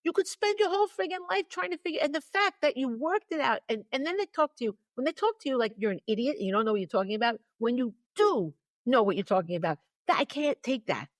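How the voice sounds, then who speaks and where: A woman co-hosts a podcast, casually and energetically telling a story while acting out both sides of phone calls. Her voice is high-pitched, animated, and fast, with no room sound.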